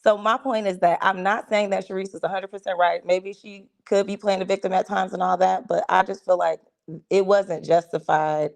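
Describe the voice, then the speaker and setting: A woman co-hosting a podcast, giving her views on a reality show in a measured, conversational way. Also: medium pitch, steady tone, gravelly. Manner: conversational, measured, trails off mid-thought. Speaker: podcast co-host. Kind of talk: casual reality-show reaction talk.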